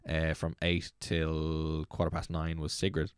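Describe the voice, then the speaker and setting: A young Irish man in his twenties, a DJ telling a rambling, excitable story as a guest. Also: extremely low pitch, measured pace, clean tone, no echo, clean studio sound. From Ireland. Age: 20s. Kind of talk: casual storytelling.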